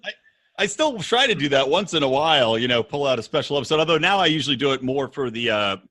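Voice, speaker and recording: A man chatting casually as a podcast guest over an internet call, relaxed and swearing freely. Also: medium pitch, fast talker, dry recording. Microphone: internet call audio.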